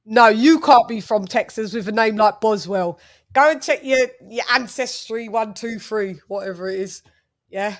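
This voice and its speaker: A young British woman hosts a boxing livestream in casual chat, laughing and shouting out viewers from the comments. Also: fairly high pitch, moderate pace. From United Kingdom.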